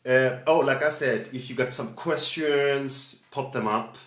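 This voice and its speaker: A man's voice: medium pitch, a little slow, a bit bright, echoey room. A man gives a laid-back, preachy spiritual talk to live-stream viewers and laughs often.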